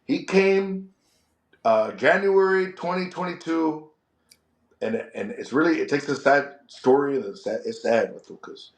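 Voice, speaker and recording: A middle-aged man from San Antonio, a wrestler and promoter chatting in an interview, animated and slipping in Spanish slang. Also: on the high side, measured pace. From San Antonio, Texas. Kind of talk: casual interview chat. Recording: echoey room.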